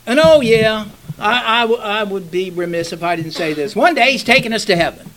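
A man's voice: high-pitched, animated, brisk, fairly bright tone, poor audio. An older man, a pastor preaching a sermon in a folksy storytelling manner that rises into fervent exhortation.

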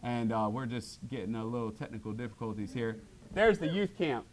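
A middle-aged man preaching a sermon to his church, animated and acting out voices when he quotes people. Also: mid-range voice, fairly quick, slight background noise. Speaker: pastor.

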